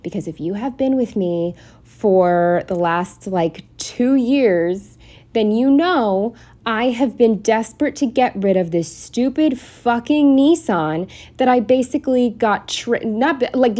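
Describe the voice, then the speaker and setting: A woman's voice: a little high, lively intonation, measured pace, dark tone. A young woman venting in a casual, rambling storytime, exasperated and swearing freely. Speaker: planner vlogger.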